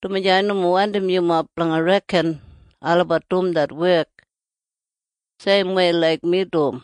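A reader with an Australian Kriol accent, reading scripture aloud in a steady, earnest recitation. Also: mid-range voice, a little slow, clean tone, no room sound.

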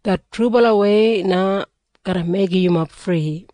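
A woman with a Northern Australian Kriol accent, reading scripture aloud in a steady, measured storytelling way. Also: medium pitch, no echo. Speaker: scripture reader.

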